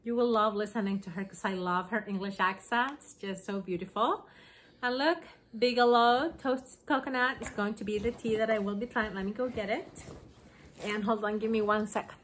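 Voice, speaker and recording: A woman chatting excitedly on her home craft vlog, gushing over gifts she received. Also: medium pitch, slight background noise. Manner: gushing, excited, slow-paced. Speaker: craft vlogger. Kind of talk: casual vlog chat.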